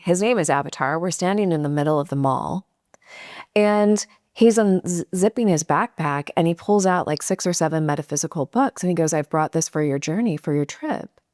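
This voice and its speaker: Animated woman telling a personal story. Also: on the low side, moderate pace, no room sound, clean studio sound. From California. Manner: animated, acts out quotes with laughs. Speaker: guest storyteller.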